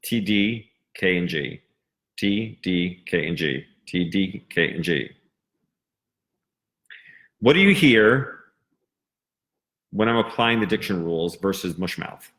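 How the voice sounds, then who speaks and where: A man teaching a singing lesson, explaining diction and stressing crisp consonants. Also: low-pitched, takes it slowly, long pauses, a bit bright.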